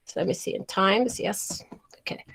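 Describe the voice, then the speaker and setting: A woman's voice: mid-range voice, vocal fry, fairly bright tone, breathy edge. Emphatic woman teaching storytelling online. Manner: emphatic, slows down on key words, restarts phrases. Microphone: video call.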